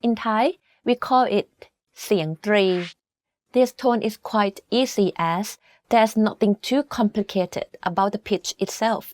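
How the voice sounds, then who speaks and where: A woman's voice: medium pitch, a little mellow, dry recording. Careful woman teacher, dry close sound. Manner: slow, careful, demonstrative. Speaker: language teacher. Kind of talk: explanatory lesson.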